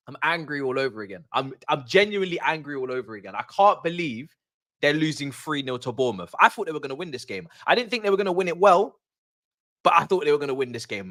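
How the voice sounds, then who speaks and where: A young man hosting a football watch-along stream, ranting casually and repeating himself as his voice swings from low grumbles to high outbursts. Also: very animated, a little fast, a bit bright. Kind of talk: casual live-stream rant.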